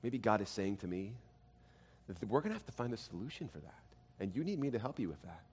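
A man in his thirties preaching a sermon, telling family stories, dropping to quiet and rising to loud. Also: on the low side, fast talker, husky. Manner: animated storytelling, swings from quiet to loud. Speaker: pastor. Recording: long hall reverb.

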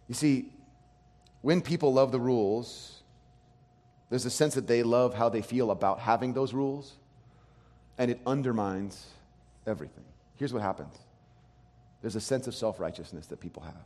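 A man preaching a sermon as pastor, animated, acting out quoted voices. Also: mid-range voice, moderate pace, pauses often, in a large hall.

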